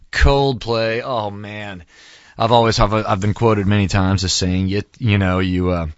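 A middle-aged man hosting a show, talking in a loose, excitable way and saying "man" and "dude" a lot. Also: on the low side, no room sound. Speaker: show host. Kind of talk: casual monologue. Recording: dull dry lo-fi sound.

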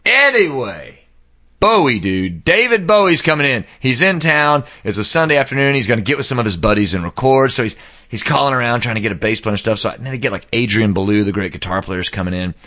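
A man casually telling an animated anecdote, acting out the people in it and singing sound effects. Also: mid-range voice, quick pace, muffled recording. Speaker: storyteller.

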